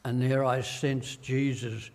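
An older man with an Australian accent preaching a sermon as pastor, slow and earnest, acting out quoted voices as he tells stories. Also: mid-range voice, little pitch movement, a little mellow, big-room sound.

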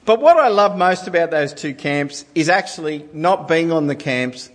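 Male preacher, forties, storytelling sermon, raised pitch, reverberant hall. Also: lively intonation, moderate pace. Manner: warm storytelling, self-deprecating humour. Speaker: pastor.

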